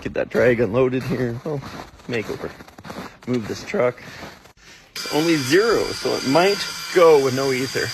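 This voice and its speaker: A man's voice: mid-range voice, a little slow, long pauses, background noise. A man, a farmer narrating his own shop project in a dry, muttering, self-deprecating way with offhand swearing. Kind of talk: casual project vlog narration.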